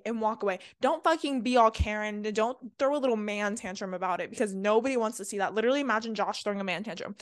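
A woman's voice: mid-range voice, fast, few pauses, no echo, clean studio sound. A young woman co-hosting a podcast, ranting bluntly and profanely in casual chat. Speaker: podcast co-host.

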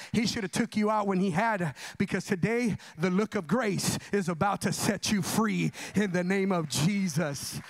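A male pastor preaching a sermon, fervent and colloquial, moving between hushed talk and shouted declarations. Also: sits high.

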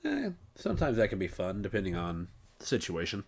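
A man's voice: low-pitched, huge pitch swings, a little fast, creaky, breathy edge. A man co-hosting a casual podcast, chatting in a laid-back, chummy way. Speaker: podcast co-host.

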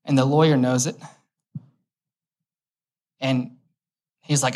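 A man's voice: fairly high pitch, a little slow, long pauses. A young man preaching a conversational sermon, telling stories with light humor. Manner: casual and storytelling, with light humor.

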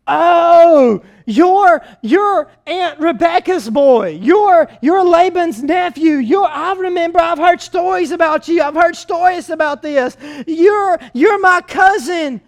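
A preacher voicing an excited, stammering young shepherdess. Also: very high-pitched, takes it slowly, hardly any pauses, voice pushed up, heavily acted.

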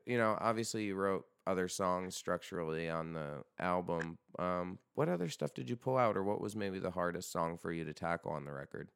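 A man's voice: sits low, a little fast, gravelly, few pauses, a bit bright, clean tone, no echo, clean studio sound. A man hosting a podcast in casual chat, rambling and joking with frequent swearing. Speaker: podcast host.

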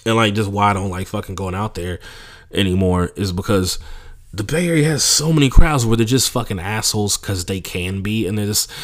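A man's voice: lowish voice, a little fast. A young adult man hosting a podcast, telling comedy stories in a casual, profane way and mocking people he imitates. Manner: profane, animated storytelling with mocking impressions. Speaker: podcast host, stand-up comedian. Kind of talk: casual monologue.

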